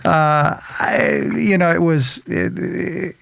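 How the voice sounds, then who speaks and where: Male talk host, mid pitch with some gravel, stammers and restarts, friendly banter, dry close sound. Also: steady tone, slow pace, fairly bright tone, no room sound. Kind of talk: casual interview chat. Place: local studio.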